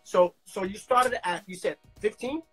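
Husky host stammering into questions. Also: male voice, high voice, normal speed, soft background music. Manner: stammering, repeats words when starting questions. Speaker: livestream interview host. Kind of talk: casual interview. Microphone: phone on a livestream.

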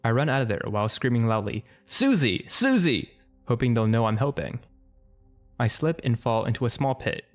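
A man narrating an internet story for comic effect in a brisk, wry, matter-of-fact way. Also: mid-range voice, fairly even intonation, faint music behind.

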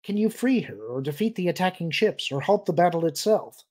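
A man reading an audiobook, voicing a calm, cryptic male alien companion who speaks mildly and measured. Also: sits high, pitched above the performer's own voice. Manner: mild and measured.

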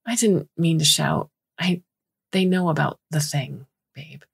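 A woman's voice: deep voice, measured pace, gravelly, slightly rough, full character voice. A woman voicing an anxious young woman cook who swears in urgent outbursts. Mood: tense.

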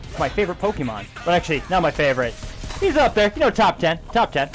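A young man streaming a video game, joking excitedly and swearing as he plays, laughing at his own jokes. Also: on the high side, fast talker. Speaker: gaming livestreamer. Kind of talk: casual let's-play commentary. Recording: game music playing behind the voice.

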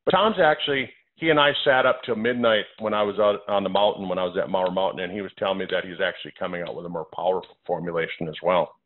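A man hosting a health call as the doctor, lecturing in a forceful way, repeating his phrases and running through a numbered list. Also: deep voice, fairly even intonation, fast, few pauses. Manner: emphatic, repeats phrases, lists numbered points. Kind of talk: health talk on a conference call. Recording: phone-line audio.

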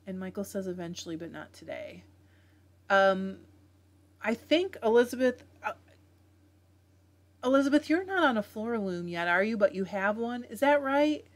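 Chatty Southern woman hosting a live stream. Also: medium pitch. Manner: chatty, laughs often, reads viewer comments aloud. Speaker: host of a live fiber arts stream. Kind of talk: casual live-stream chat reading comments.

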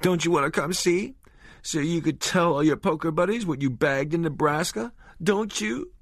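A man voicing a frightened young wife on the edge of hysteria, shrill and sobbing, in an audiobook reading. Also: lively intonation, measured pace, no room sound, studio quality, natural voice. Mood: screaming.

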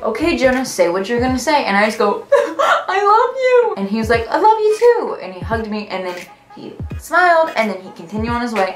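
A young woman vlogger telling a story in a gushing, excitable way, often breaking into laughter. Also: medium pitch. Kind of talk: story time vlog. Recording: roomy echo, faint music.

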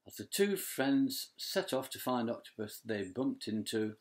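A man's voice: medium pitch, expressive, unhurried. An older man, a grandfather, reading a bedtime story aloud in a playful, reassuring way.

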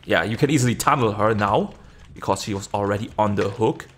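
A man giving live gameplay commentary, excitable, swearing casually, jumping to high yelps when the game gets tense. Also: fairly quick, breathy edge. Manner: swears casually and laughs at himself. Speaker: video game streamer.

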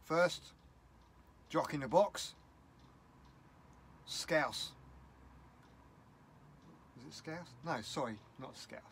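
A man's voice: a little high, extremely slow, pauses often, a little hiss or hum. A middle-aged man with a British English accent, talking in a casual vlog, upset and rambling bluntly. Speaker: vlogger.

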